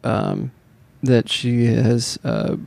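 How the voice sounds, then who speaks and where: A man co-hosting a casual podcast chat, rambling and animated. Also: mid-range voice, extremely slow, vocal fry, no echo. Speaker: podcast co-host.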